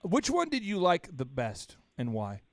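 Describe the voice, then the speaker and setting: A male podcast host with a fairly high voice that swings widely up and down as he talks. He is blunt, animated and teasing. The sound is close and dry. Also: unhurried, dry recording. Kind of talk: lively podcast chat.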